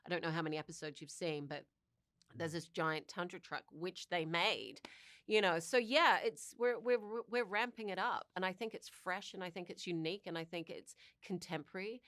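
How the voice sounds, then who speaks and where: A middle-aged woman with a New Zealand accent talks freely in a lively interview chat, her voice sitting fairly low. She is expressive and chatty, recorded close and dry with no room around her. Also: normal speed, no echo. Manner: chatty and expressive, acts out little quoted exchanges. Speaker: actor being interviewed.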